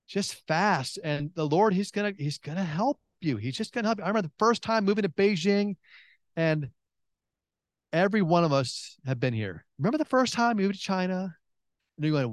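A man preaching a sermon in a chatty, joking way, acting out his own prayers with big leaps in pitch and talking through many restarts. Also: no room sound, studio quality. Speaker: pastor.

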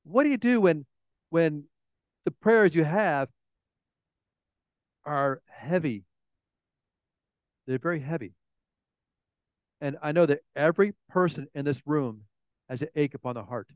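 A man preaching a sermon to a room, telling stories in an animated way with frequent restarts. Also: fairly high pitch, measured pace, pauses often, dry recording, muffled recording. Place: room with an audience.

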